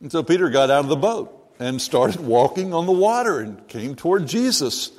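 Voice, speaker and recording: A pastor giving a sermon in a church, reading scripture aloud and then preaching in an animated, conversational way. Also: male voice, fairly high pitch. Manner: slow and animated, voicing the disciples and Jesus in quoted lines. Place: church sanctuary. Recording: long reverb of a large hall.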